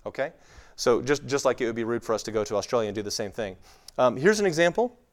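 Man, light West Texas accent, informal lecture, conversational, frequent fillers, mid pitch. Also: animated, fast. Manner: conversational, with frequent fillers and acted-out quoted voices. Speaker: speaker teaching on the Bible. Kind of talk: informal lecture to a live audience.

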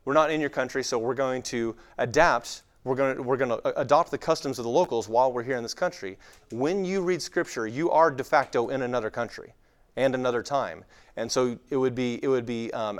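A man from West Texas with a light West Texas accent, giving an informal lecture on the Bible to a live audience, talking conversationally with many fillers. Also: mid-range voice. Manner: conversational, with frequent fillers and acted-out quoted voices. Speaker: speaker teaching on the Bible.

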